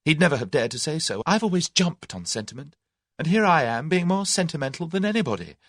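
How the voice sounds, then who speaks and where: A man voicing a spirited, quick-tempered young English woman with sharp, indignant retorts. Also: fairly high pitch, very animated, no room sound, studio quality, pitched above the performer's own voice. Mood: self-reproaching.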